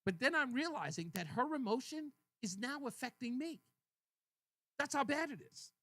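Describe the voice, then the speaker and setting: Male radio host, high bright voice, animated storyteller, dry studio sound. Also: moderate pace, dry recording. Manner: animated storytelling, acts out both sides of conversations. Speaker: radio talk show host. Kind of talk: casual call-in radio chat.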